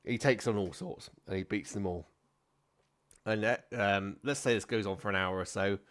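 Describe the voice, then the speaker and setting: A man's voice: lowish voice, normal speed, fairly bright tone. A man narrating as game master of a tabletop game, rambling with fillers and self-corrections.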